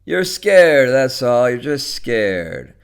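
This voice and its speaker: A man's voice: mid-range voice, big pitch swings, slow pace, pitched above the performer's own voice. A man reading a story, voicing a balding, lonely middle-aged man who talks curtly and pushes insistently. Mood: coaxing. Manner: curt, insistent, coaxing.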